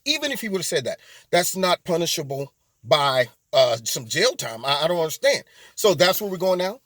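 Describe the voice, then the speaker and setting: A man's voice: high-pitched, very animated, moderate pace, dry recording. A man hosting a political commentary monologue, mocking and emphatic, with rambling asides. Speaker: host of a political commentary channel.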